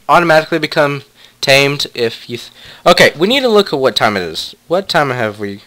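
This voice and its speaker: A man's voice: a little high, sing-song, fairly quick, pushed and bright. A young man casually commentating a block-building game, playfully talking to his pet wolves. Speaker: let's play gamer.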